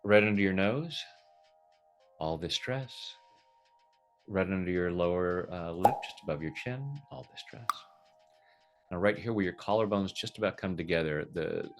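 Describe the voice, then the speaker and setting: A man explaining a tapping technique in a relaxed, jokey way, slipping into quoted voices as he talks. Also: low-pitched, fairly quick, hardly any pauses, faint music behind. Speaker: tapping practitioner, guest. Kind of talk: casual teaching over video call.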